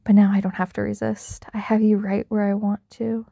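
A young adult woman performing an intimate audio role-play in a teasing, dominant, soft-spoken way with whispered asides. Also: medium pitch, flat delivery, fairly quick, vocal fry, no echo, studio quality.

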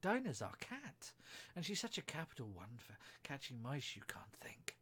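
A man reading aloud and voicing a curious, polite young girl who speaks earnestly and often softly. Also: mid-range voice, animated, normal speed, vocal fry, breathy edge, heavily acted.

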